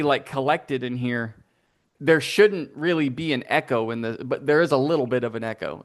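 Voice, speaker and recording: Guy dm-ing a tabletop game, playful, acts out the scene with little sound effects, normal middle voice. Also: mid-range voice. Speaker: game master.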